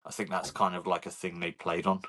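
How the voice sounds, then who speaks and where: A man on a casual podcast, speaking matter-of-factly and without hurry. His voice is very low and a little husky. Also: little pitch movement, brisk, fairly bright tone. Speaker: podcast co-host. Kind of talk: casual chat.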